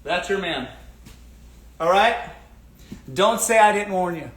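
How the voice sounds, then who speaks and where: Emphatic high-voiced male host. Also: animated, takes it slowly, a bit bright. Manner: emphatic, repeats catchphrases. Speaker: show host. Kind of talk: casual advice livestream. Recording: roomy echo.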